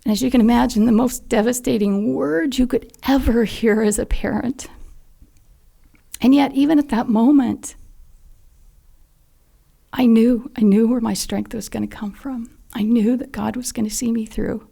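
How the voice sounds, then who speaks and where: Older woman with a gravelly, mellow voice. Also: a little high, fairly even intonation, moderate pace. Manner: earnest, heartfelt, drops to a near whisper at times. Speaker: podcast guest, mother of a fallen SEAL. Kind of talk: personal storytelling in an interview.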